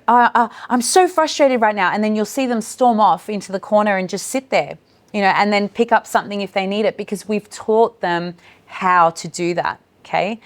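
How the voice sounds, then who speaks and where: A woman leads a workshop for educators in a relaxed, storytelling way. She checks in with her listeners again and again, tossing in "right?" and "okay?" as she goes. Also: mid-range voice. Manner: warm storytelling with acted quotes of children and herself. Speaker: workshop presenter.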